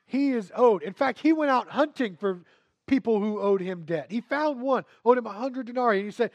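This sermon comes from a man with a very high voice and lively intonation, speaking at normal speed. As he recounts a scripture story, he moves from hushed, quiet stretches to emphatic, louder passages.

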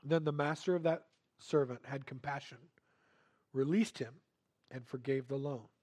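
A man preaching a sermon and retelling a scripture story, swinging between hushed, quiet passages and emphatic, louder ones. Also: mid-range voice, steady tone, moderate pace.

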